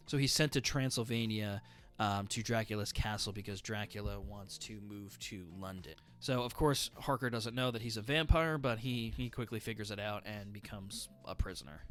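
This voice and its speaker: Chatty low-voiced man reviewing books. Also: fairly bright tone. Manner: chatty, many fillers, enthusiastic. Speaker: book reviewer. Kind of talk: casual book review.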